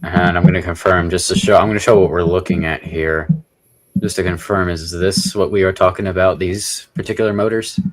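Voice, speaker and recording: A man hosting a casual livestream, reacting with quick short interjections and reading viewer questions aloud. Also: sits low, fairly even intonation, faint music behind. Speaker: livestream host.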